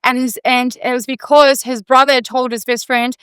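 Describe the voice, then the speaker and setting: A woman's voice: high voice, steady tone, normal speed, a bit bright, smooth, no room sound. Emotional woman podcast host. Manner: emotional, storytelling with quoted dialogue. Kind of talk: casual podcast chat.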